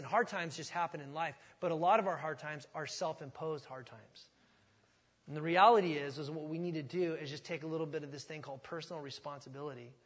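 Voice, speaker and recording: A man preaching a sermon in a conversational, folksy way, often restarting words as he thinks aloud. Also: a little high. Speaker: pastor. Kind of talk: expository sermon. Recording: long reverb of a large hall.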